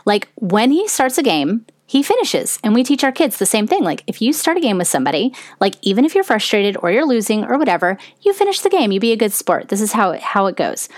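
A woman's voice: on the high side, big pitch swings, fast, few pauses, dry recording, clean studio sound. A middle-aged woman hosting a podcast, telling a personal story in a candid, conversational way with lots of "like.". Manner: candid and conversational, heavy use of "like". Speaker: podcast host.

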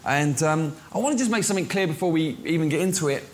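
High-voiced casual preacher. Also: male voice, animated, fast talker. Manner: conversational preaching with frequent fillers and restarts. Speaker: pastor. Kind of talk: sermon.

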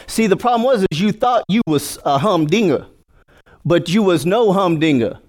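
A man's voice: high-pitched, lively intonation, normal speed, a little mellow. A male pastor preaching a sermon, joking with the congregation and calling for responses.

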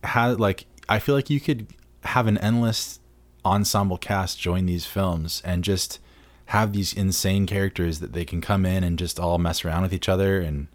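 A man's voice: deep voice, steady tone, moderate pace, no room sound. A man co-hosting a film podcast, talking in an eager, rambling way full of "like" and "you know.". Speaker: podcast co-host. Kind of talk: casual movie chat.

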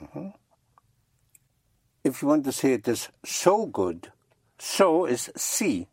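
A language teacher talking slowly and patiently, with a slightly husky voice. Words get spelled out letter by letter. The sound is dry and close. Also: mid-range voice, big pitch swings, darkish tone, no room sound. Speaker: French teacher. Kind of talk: slow one-on-one language lesson.

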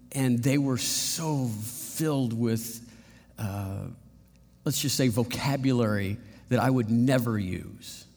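A middle-aged man preaching a sermon as pastor, earnest and halting, with frequent restarts. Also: medium pitch, a little mellow. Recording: long reverb of a hall.

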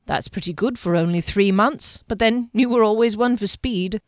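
A woman's voice: medium pitch, normal speed, no echo, lightly acted. A woman reading aloud voices a tall male mage who speaks dryly and teases his friend. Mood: admiring. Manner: dry, teasing.

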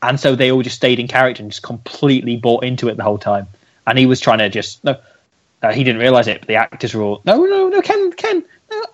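A man co-hosting a podcast in casual, sarcastic banter. His voice sits at a medium pitch. The recording sounds a little dull and lo-fi. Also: steady tone, fast talker. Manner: joking, sarcastic. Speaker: podcast co-host.

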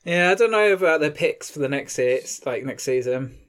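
A woman's voice: low-pitched, lively intonation, moderate pace. A young woman co-hosting a casual podcast, wry, with frequent laughs and short reactions. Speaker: podcast co-host. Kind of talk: casual chat.

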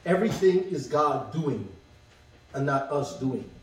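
A male preacher reads scripture and teaches at a slow, deliberate pace, with pauses between phrases. His voice sits a little high. The room is very echoey, and the microphone is some way from him. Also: animated. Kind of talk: sermon with scripture reading. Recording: echoey room, mic far off.

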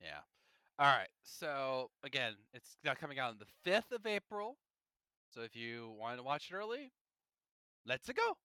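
A man hosting a gaming podcast, talking in a casual, opinionated way with animated asides. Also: medium pitch, moderate pace, clean tone, no echo. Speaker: podcast host.

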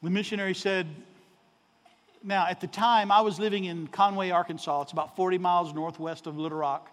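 A man telling a story in a sermon, animated, acting out the dialogue with changes of voice. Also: high-pitched, brisk, long reverb tail. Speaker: preacher.

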